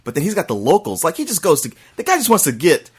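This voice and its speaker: A man with a somewhat husky voice talks with animated, rising and falling pitch, chatting about a film with his co-hosts. He tells it with emphasis, like a friend making his case. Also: fast. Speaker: podcast co-host. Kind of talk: casual movie review chat.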